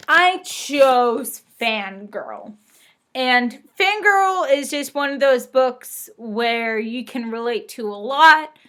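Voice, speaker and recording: A woman's voice: a little high, sharp tone. A young woman chatting casually in a book vlog, bubbly and gushing. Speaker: book vlogger. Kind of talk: casual chat.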